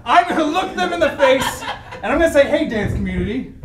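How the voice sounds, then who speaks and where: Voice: sits high, sing-song, a little fast, far from the mic, crowd noise. An improv performer playing Sam, an awkward, hopeful would-be dancer, in a live comedy scene. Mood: earnest. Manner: bashful, stammering, then boldly determined. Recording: echoey club with audience noise.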